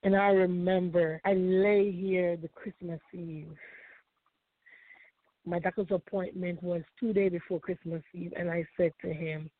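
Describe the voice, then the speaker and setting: A woman's voice: fairly low pitch, steady tone. Woman telling her story over a phone line. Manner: halting, repeats phrases. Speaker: guest sharing her story. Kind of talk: emotional personal testimony. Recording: tinny phone line, faint music.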